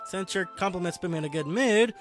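A man's voice: high voice, a little fast, music in the background, lightly acted. A man reading the lines of a cheerful, confident teenage girl who leads a school club, mostly in his own voice.

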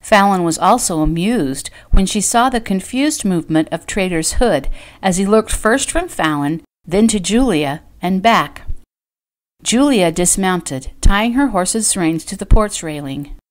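A woman's voice: mid-range voice, animated, a little slow. A woman reading her own novel aloud as an audiobook, giving the characters light changes of voice. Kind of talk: audiobook narration.

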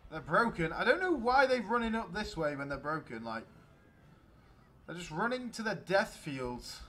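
A young man giving excitable, chatty commentary while playing a strategy game. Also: high-pitched, normal speed. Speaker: let's play gamer. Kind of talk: gameplay commentary.

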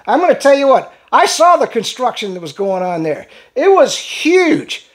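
A man's voice: high-pitched, very animated, fairly quick. A man ranting fired-up in political commentary, hosting his own channel. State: in pain from a neck injury.

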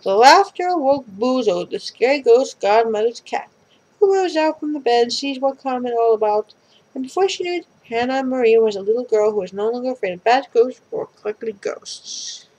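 Woman reading a kids' story out loud, lively voice, chatty. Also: on the high side, normal speed, rough recording. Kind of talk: reading a children's story aloud.

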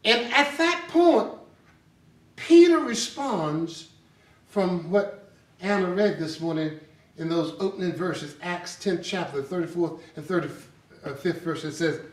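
A man preaching an animated sermon in a church, storytelling with laughter. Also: sits high, takes it slowly. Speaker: pastor. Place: church sanctuary. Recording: echoey sanctuary, distant mic.

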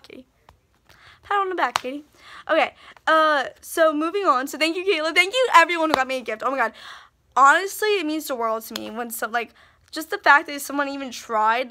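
In a high, sharp-toned voice, a teen vlogger talks through her birthday haul in a casual, bubbly, gushing way, full of fillers and side comments to herself.

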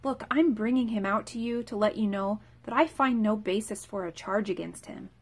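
A woman voicing a stern male Roman governor in a scripture reading, measured and questioning. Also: mid-range voice, breathy edge.

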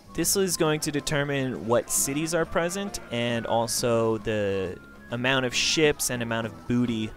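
A man's voice: mid-range voice, a bit bright. A man giving casual, enthusiastic let's play commentary as he walks through a game. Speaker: gameplay commentator.

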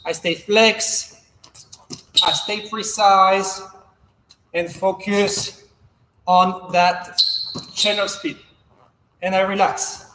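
Man fencing coach, high voice, unhurried calm instruction, roomy echoey hall. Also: slight background noise. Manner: calm, measured instruction, counting out drills while moving. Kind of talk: follow-along footwork class.

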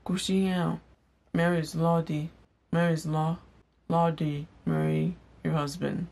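A young woman giving a casual vlog language lesson, repeating each word slowly for learners. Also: low-pitched, level tone, vocal fry, a little mellow. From Igbo household in Nigeria. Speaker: language teacher. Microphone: on-camera mic.

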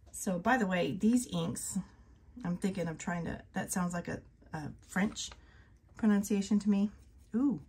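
A woman talks her way through a desk of ink swatches. Her voice is husky and fairly low, her pace unhurried, and she is soft-spoken, sometimes slipping into a near whisper. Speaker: ink reviewer. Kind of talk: casual chat while swatching ink.

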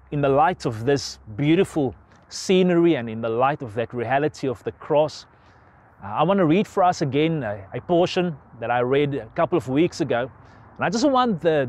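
Earnest pastor preaching outdoors. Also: male voice, medium pitch, a little mellow. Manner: earnest and unhurried, with frequent restarts and repeated words. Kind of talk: outdoor sermon with prayer and scripture reading. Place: outdoors on a sunny mountainside by a large cross.

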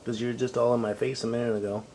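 This pet owner talks rapid-fire in a medium, level, darkish voice, teasing his animals playfully in a sing-song from behind the camera at home and in the yard. The handheld camera's built-in mic yields a rough recording with slight background noise.

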